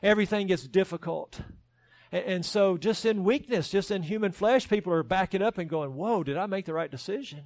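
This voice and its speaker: Pastor, male, high-pitched, earnest sermon delivery, dry close-miked sound. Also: fairly quick, no room sound. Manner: earnest preaching with rising emphasis and self-deprecating humor.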